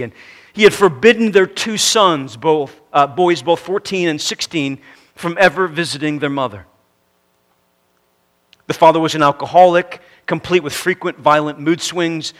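A man delivering a sermon in a voice set a little higher than most. He reads a story aloud earnestly and lets his phrases sink to a hush at their ends. He then builds to emphatic, rising preaching.

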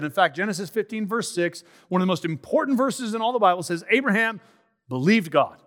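A man preaching a sermon, reading scripture aloud and teaching in a measured, emphatic way with pauses. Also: high-pitched, animated, fairly bright tone.

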